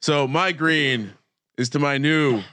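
A man's voice: fairly high pitch, slow, bright, forceful tone, dry recording. A man co-hosting a sports betting podcast, teasing his partner in a playful, mock-serious way. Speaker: podcast co-host.

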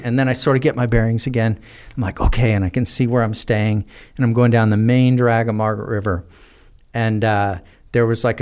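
An American man telling rambling, animated stories as a podcast guest, with many fillers. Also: mid-range voice, clear, resonant tone. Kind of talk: casual storytelling in a podcast interview.

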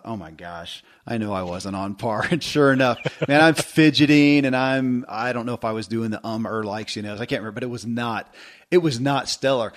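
A middle-aged man hosting a podcast, talking in a rambling, self-deprecating way with many restarts. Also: mid-range voice. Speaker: podcast host. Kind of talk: casual podcast conversation.

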